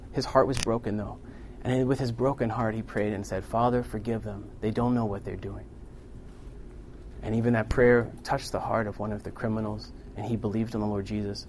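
A man preaching a sermon to a congregation in a room, earnest and building to loud, emphatic peaks. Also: medium pitch, slight background noise.

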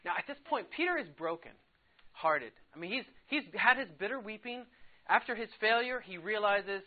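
A man teaching a casual Bible lesson to a class in a classroom, chatty and quick to laugh, saying "like" a lot. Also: sits high, expressive. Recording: tinny phone-like sound.

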